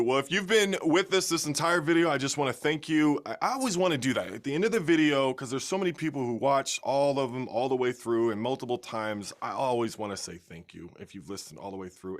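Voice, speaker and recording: A man hosting his channel, talking earnestly and warmly with a friend on a video call. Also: medium pitch, expressive, brisk. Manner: earnest, heartfelt, jokey. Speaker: channel host. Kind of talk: casual conversation.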